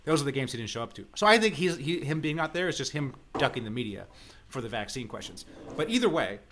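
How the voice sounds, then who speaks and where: A man's voice: medium pitch, lively intonation, fast talker, fairly bright tone, slight background noise. A man co-hosting a basketball podcast, giving firm opinions in casual chat and laughing often. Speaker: podcast co-host.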